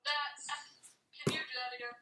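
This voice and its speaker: A woman's voice: sits high, steady tone, normal speed, bright, forceful tone, recorded from a distance, slight background noise. A woman taking an online singing lesson, hesitant and asking for the notes again. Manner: hesitant, asks to hear it again. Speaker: singing student. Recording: echoey room over a video call.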